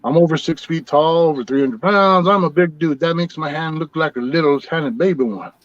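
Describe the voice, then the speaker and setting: A middle-aged man telling a long story in a relaxed, rambling way, as a guest on a podcast. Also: a little high, brisk, muffled recording. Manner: rambling, laid-back storyteller. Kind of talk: casual storytelling.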